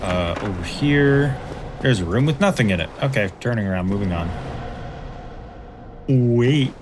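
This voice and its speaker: Man giving relaxed gameplay commentary. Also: medium pitch, a little slow, background noise. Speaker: host, let's play commentator.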